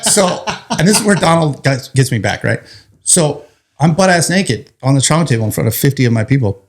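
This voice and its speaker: A firefighter telling a story as a guest in an interview, animated, laughing through the funny parts and swearing casually. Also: male voice, mid-range voice, a little fast.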